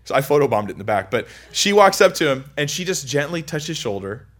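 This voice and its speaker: A man's voice: a little high, big pitch swings, quick pace. A young man giving a casual, chatty Bible teaching, full of anecdotes and self-interruptions. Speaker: preacher.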